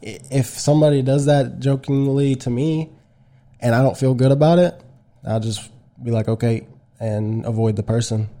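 A man's voice: mid-range voice, steady tone, normal speed, mellow. A man hosting a casual podcast chat, talking candidly and restarting his sentences often. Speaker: podcast host.

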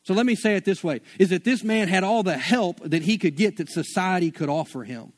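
A man's voice: high-pitched, animated, a little fast. A man preaching a sermon in a casual, conversational way, mixing slang into his teaching.

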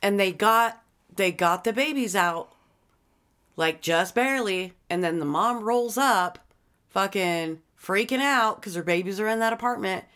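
A woman's voice: medium pitch, a little slow, fairly bright tone, clear, resonant tone. A young adult woman in casual chat, blunt and emphatic, with lots of swearing.

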